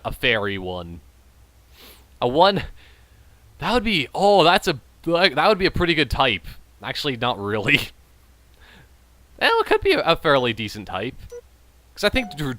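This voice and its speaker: A man's voice: mid-range voice, pushed and bright, dry recording. A tipsy man hosting a gaming channel, giving rambling, jokey commentary over his play. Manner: rambling, jokey, self-amused. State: tipsy from drinking. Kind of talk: casual gameplay commentary.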